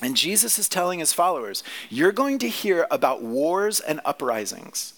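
A man's voice: on the high side, sing-song, moderate pace, a bit bright. A man preaching a sermon, teaching through a scripture passage in a conversational way and often asking the listeners questions. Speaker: pastor.

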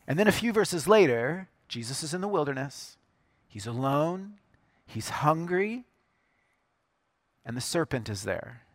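A man's voice: high-pitched, sing-song, normal speed, no room sound. A man preaching a sermon, earnest and emphatic, repeating key phrases for weight. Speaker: pastor.

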